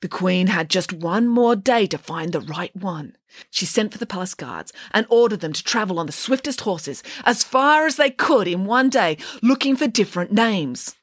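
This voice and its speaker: A woman author narrating a children's story aloud in an animated, playful way on a close mic. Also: mid-range voice, moderate pace, husky, no room sound. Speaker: children's author reading her podcast story.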